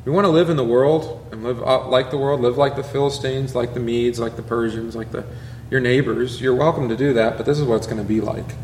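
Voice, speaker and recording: A man, a pastor, teaching a Bible class in a relaxed conversational way, peppering it with rhetorical questions and asides. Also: medium pitch, brisk, echoey room, slight background noise.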